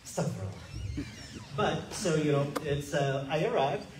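High-voiced American man in echoey room. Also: a little slow, noisy background. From United States. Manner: animated, acts out the dialogue, laughs often. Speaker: Muslim convert sharing his story. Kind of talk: personal testimony storytelling. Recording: very echoey room, far from mic.

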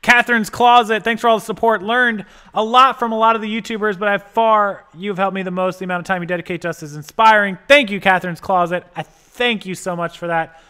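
A man's voice: sits high, steady tone, brisk, few pauses, bright, forceful tone, smooth. A man hosting a casual livestream, rambling and thinking aloud as he adjusts settings and thanks viewers for donations. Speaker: livestream host. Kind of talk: casual live-stream chat.

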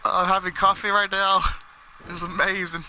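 Brief: high, sharp-toned male gamer, excitable and swearing, casual chat. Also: normal speed, slight background noise, low-quality recording.

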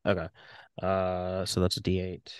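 A man playing a tabletop heist game, bluffing smoothly in character as he talks to the game master's characters. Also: deep voice, monotone, unhurried, dry recording, studio quality. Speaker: player. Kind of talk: in-character tabletop role-play.

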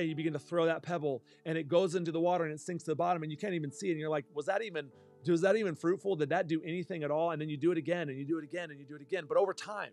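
Gravelly-voiced male pastor preaching. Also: a little high. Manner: earnest preaching with spoken prayers and restarts. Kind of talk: sermon.

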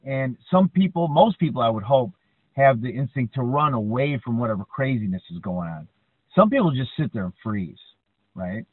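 Here a male podcast co-host talks at a moderate pace in a medium pitch, his voice a little breathy. He's an animated, chatty storyteller who keeps tagging his sentences with "right?". The audio sounds tinny and phone-like, dry, with no room sound.

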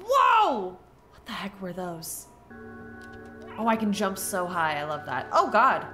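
A woman streamer giving live gameplay commentary, excitable, often gasping, squealing and swearing when something surprises her. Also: medium pitch, takes it slowly, soft background music.

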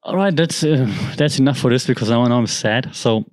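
A man's voice: medium pitch, brisk, no echo. A man whose first language is German, hosting a podcast and talking through the news in a rambling, conversational way with frequent restarts. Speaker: podcast host. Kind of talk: casual commentary monologue.

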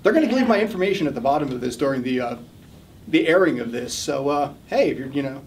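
Fast-talking New Jersey comedian man. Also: medium pitch, lively intonation, distant mic, a little hiss or hum. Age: 30s. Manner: rambling, self-deprecating, quick. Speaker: stand-up comedian. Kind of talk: stand-up routine.

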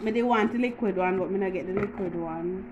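A woman's voice: mid-range voice, brisk, dull audio, background noise. A woman with a Jamaican accent hosting a casual home how-to vlog, chatty and teasing, with frequent laughs. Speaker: YouTuber.

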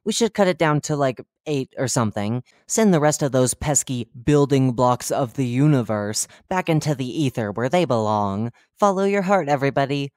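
A reader voicing a cheerful, oblivious male radio talk-show host who chats brightly and drops deadpan dark jokes. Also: medium pitch, moderate pace, few pauses, dry recording, studio quality, natural voice. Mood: chipper. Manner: chipper, chatty broadcast patter with deadpan dark jokes. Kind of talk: horror fiction reading.

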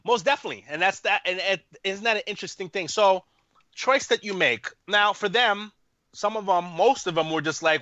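Man in his thirties, animated storyteller, tense bright voice, muffled dry recording. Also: on the high side, fairly quick, dry recording. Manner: animated, rambling, heavy fillers. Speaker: podcast guest, army veteran. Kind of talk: storytelling in a casual interview.

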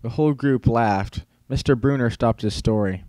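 A man's voice: medium pitch, normal speed, mellow, no room sound. Brief: male audiobook narrator, wry first-person teller, dry close sound.

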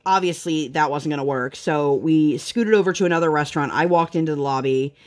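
A woman's voice: low voice, brisk. A woman in her thirties, a mother and vlogger, chatting casually and telling rambling stories while she crafts. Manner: rambling storytelling with fillers, bright sign-off.

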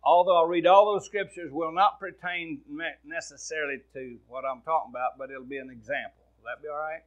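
A man's voice: on the high side, fairly even intonation, brisk, muffled recording. A man with a Midwestern American accent preaching a sermon, speaking in a folksy, plain-spoken way and talking directly to his congregation. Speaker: pastor.

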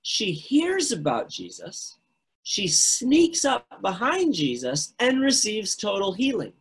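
A man preaching a sermon, retelling the story with animated storytelling and phrases repeated for emphasis. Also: high voice, takes it slowly, slightly rough. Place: recorded remotely.

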